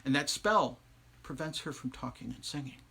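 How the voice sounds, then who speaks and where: A man telling a folktale live, conversational and animated, with asides to his listeners. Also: mid-range voice, normal speed, gravelly, noisy background. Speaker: storyteller. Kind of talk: oral folktale telling on a livestream.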